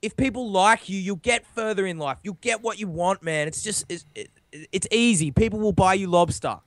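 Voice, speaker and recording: An Australian man co-hosting a podcast, laid-back and jokey with slang and swearing, his voice a little rough from being sick. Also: sits high, normal speed, a bit bright, no echo. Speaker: podcast co-host. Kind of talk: casual podcast chat.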